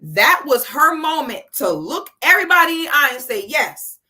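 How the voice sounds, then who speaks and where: A woman's voice: high-pitched, very animated, fairly quick, bright, forceful tone. A woman, ranting bluntly and sassily on a livestream. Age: 30s. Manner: blunt, sassy, profane. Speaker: livestream host. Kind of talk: casual commentary rant.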